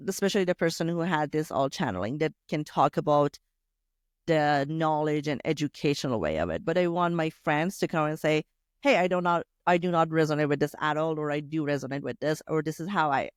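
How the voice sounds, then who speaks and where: A man hosting a podcast interview, talking quickly and acting out little asides in a casual chat. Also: a little high, clean tone, no echo, studio quality. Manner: quick, lively talk with acted-out asides. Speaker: podcast host.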